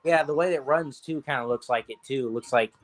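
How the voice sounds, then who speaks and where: A man co-hosting a casual podcast chat, rambling and swearing as he tells stories in an animated way. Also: mid-range voice, fairly quick. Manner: profane, rambling, animated storytelling. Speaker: podcast co-host.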